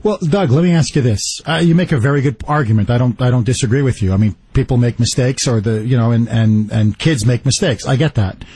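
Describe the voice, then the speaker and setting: A male radio talk show host telling a story in animated fashion and taking calls on a studio mic. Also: mid-range voice, brisk, few pauses, slightly rough. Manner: animated storytelling, acts out quotes. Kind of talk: talk radio monologue and call-in.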